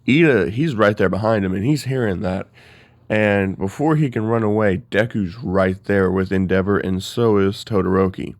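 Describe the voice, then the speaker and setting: A man's voice: on the low side, moderate pace, dry recording. A man casually retelling a story in a rambling, filler-heavy way.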